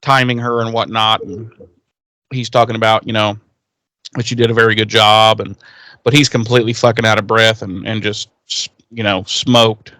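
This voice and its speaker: A man's voice: fairly low pitch, level tone, normal speed, bright, forceful tone, dry recording. Rambling man recapping, dry sound. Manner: rambling, with fillers, restarts and casual swearing. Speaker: podcast co-host. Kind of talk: casual episode recap.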